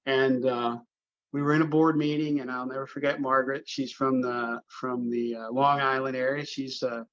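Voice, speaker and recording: A man's voice: mid-range voice, flat delivery, moderate pace, fairly bright tone, dull audio. A middle-aged man, a golf course superintendent, telling long stories in a casual podcast interview, with lots of fillers and restarts. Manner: rambling storyteller, many fillers and restarts.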